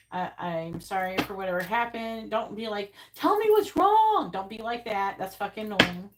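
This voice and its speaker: A woman's voice: mid-range voice, very noisy. A woman giving a casual live-stream tarot reading, blunt and chatty, who swears and repeats her questions to the cards. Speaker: tarot reader.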